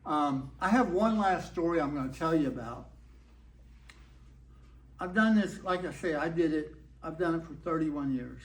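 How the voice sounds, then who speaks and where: An older man with a Texan accent, telling a folksy story to a live audience in a laid-back, whimsical way. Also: on the high side. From Texas. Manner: laid-back, folksy, acts out quoted dialogue. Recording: roomy hall echo.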